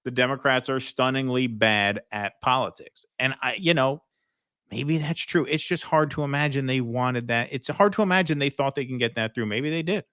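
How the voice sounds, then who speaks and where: A man's voice: mid-range voice, moderate pace, sharp tone, dry recording, studio quality. A man hosting a casual political livestream, reading out viewer comments and thanking donors, chatty with many ums and restarts. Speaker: host reading viewer super chats.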